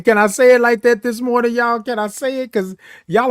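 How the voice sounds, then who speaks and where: This morning live-stream host chats casually from his home studio, stretching each viewer's name into a long, exuberant sung greeting. Heard through a studio mic with no room sound, his voice is very high-pitched, smooth, and steady in tone.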